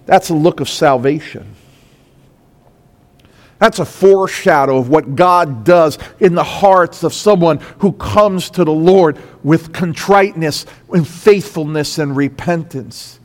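High-voiced preacher in a reverberant hall. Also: male voice, a little slow. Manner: impassioned preaching, voice rising and falling with emphasis. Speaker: pastor. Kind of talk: sermon. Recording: long reverb of a large hall.

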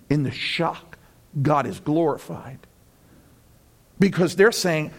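A male pastor preaching a sermon in an animated way, acting out the voices of friends and building to loud peaks. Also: on the high side, takes it slowly, pauses often.

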